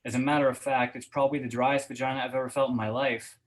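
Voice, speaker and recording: A man reading first-person fiction aloud at a reading event in a steady voice, hesitant and full of fillers when he chats. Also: mid-range voice, fast talker, rough recording. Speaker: guest reader.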